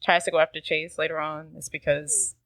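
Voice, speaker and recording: A woman's voice: deep voice, flat delivery, fairly quick, a bit bright, dry recording. A woman co-hosting a podcast, recapping a movie in a loose, rambling way full of fillers. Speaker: podcast co-host. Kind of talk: casual movie recap chat.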